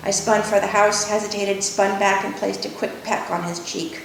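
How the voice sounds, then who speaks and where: A woman author reads her own novel in a measured first-person voice. The room rings with echo, and a faint low rumble runs beneath. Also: fairly even intonation, vocal fry, distant mic. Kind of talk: reading her novel aloud.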